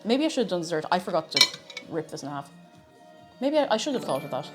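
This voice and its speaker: A woman's voice: fairly low pitch, sing-song, quick pace, pauses often, fairly bright tone, soft background music. Chatty Irish woman streaming while cooking. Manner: chatty, reads viewer messages aloud and answers them; talks while snacking, sometimes with a full mouth. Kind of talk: casual cooking livestream chat.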